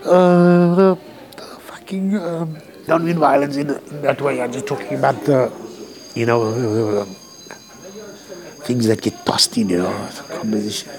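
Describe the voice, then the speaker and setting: A man's voice: medium pitch, measured pace, a crowd in the background. A man, a composer, talking candidly and emotionally in a rambling, profane way from a hospital room.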